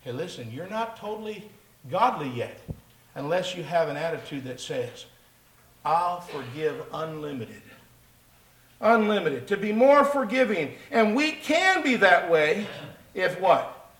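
A man preaching a sermon to his congregation. He speaks emphatically, rises high when he voices Peter, drops low and soft for Jesus, and asks his listeners rhetorical questions. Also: big pitch swings, a little slow, reverberant, low-quality recording.

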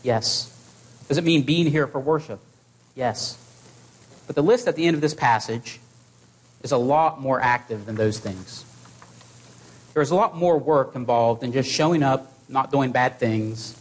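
Earnest male preacher delivering a sermon. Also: mid-range voice. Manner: earnest, exhorting delivery with measured pauses.

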